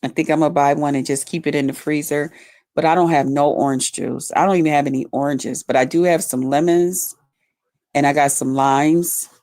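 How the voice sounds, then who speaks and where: A woman's voice: low voice, fairly even intonation, moderate pace, darkish tone, no room sound, studio quality. A middle-aged woman chatting casually on a live stream, folksy and talkative. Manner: chatty, folksy, reads out viewer comments. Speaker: livestream host.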